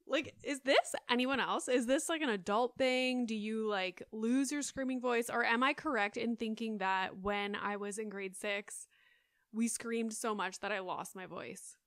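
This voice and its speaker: A woman's voice: fairly high pitch, measured pace, fairly bright tone, dry recording. A woman in her thirties hosting a solo podcast, chatting in a rambling way with lots of fillers, close on the mic. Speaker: podcast host. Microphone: close studio mic.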